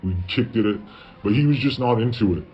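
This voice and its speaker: A man's voice: medium pitch, fairly quick. A man telling a long, casual story. He swears a lot and quotes himself with "I was like". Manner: profane, tells stories with lots of "I was like" quoting. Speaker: guest telling his story. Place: parents' garage. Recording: dull lo-fi audio with faint background noise.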